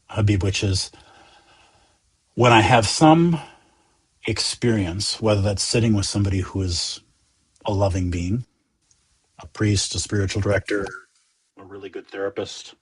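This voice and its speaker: A man from the United States, a Zen teacher talking as a guest in a gentle, earnest, reflective way. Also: on the low side, moderate pace, long pauses, husky. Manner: earnest, gentle, animated, often voicing inner thoughts. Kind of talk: reflective conversation.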